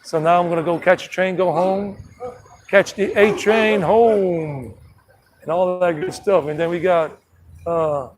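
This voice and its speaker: A man's voice: a little high, fairly even intonation, normal speed, a crowd in the background. A man hosting a casual travel live stream from an outdoor city street, talking loosely and restarting sentences often into a phone held at arm's length. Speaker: travel vlogger.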